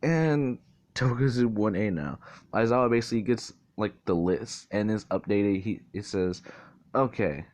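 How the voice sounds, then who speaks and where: A man's voice: on the low side, moderate pace, a little mellow. A young man casually improvising a fan-fiction story, rambling, swearing a lot and constantly correcting himself. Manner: rambling, profane, self-correcting.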